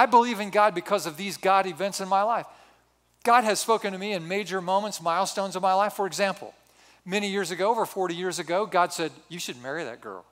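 A man in his sixties, a pastor telling a personal story in a sermon with animated, self-mocking humor. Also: high voice. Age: 60s. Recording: reverberant hall.

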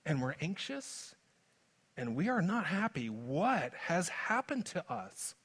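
High, bright-voiced man preaching. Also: big pitch swings, slow pace, slightly rough. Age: adult father. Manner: dynamic preaching, swings from soft to loud. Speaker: pastor. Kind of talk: sermon.

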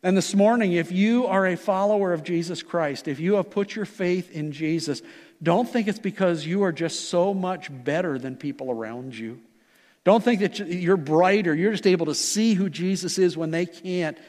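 A pastor preaching a sermon in an earnest, emphatic manner that rises and falls. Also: male voice, high-pitched, normal speed, a little mellow, long reverb tail. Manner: earnest, emphatic preaching with rising and falling delivery.

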